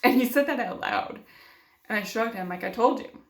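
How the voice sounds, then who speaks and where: A young woman with a slightly high voice tells a personal story at a moderate pace in her vlog. She's emotional, acts out the things others said to her, and uses many fillers, recorded with a roomy echo.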